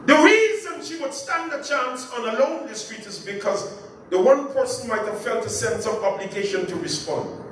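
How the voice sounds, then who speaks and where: A pastor leading a Bible study, lively and joking, asking the congregation to finish his phrases. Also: very high voice, moderate pace. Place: church. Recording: echoey church room, far from mic, faint hiss.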